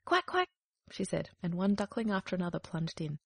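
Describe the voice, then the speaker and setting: Female storybook narrator, steady and measured, husky and gravelly. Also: on the low side, no room sound. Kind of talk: storybook reading.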